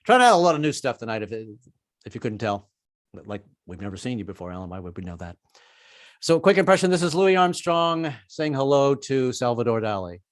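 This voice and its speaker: A man's voice: mid-range voice, sing-song, a little fast, no room sound, studio quality. A man doing a rambling, self-deprecating stand-up set over a video call, slipping into voices. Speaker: stand-up comedian.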